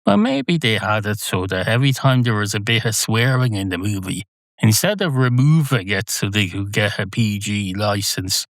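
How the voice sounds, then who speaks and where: Male podcast host, slightly low voice, dry close sound, wandering wry monologue. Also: expressive, moderate pace, no room sound. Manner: wry, digressive, self-mocking. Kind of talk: solo rambling monologue.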